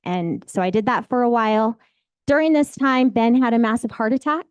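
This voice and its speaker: A woman in her forties tells her life story with candid, rambling emotion. Her voice sits a little high, and the sound is dry and close, with no room around it. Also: normal speed, clean tone, no room sound. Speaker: real estate agent. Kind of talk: personal storytelling.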